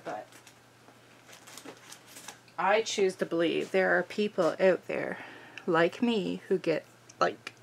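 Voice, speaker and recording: A woman hosting a crafting video, chatting casually and thinking aloud, bubbly and easily excited. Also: lowish voice, gravelly, slight background noise.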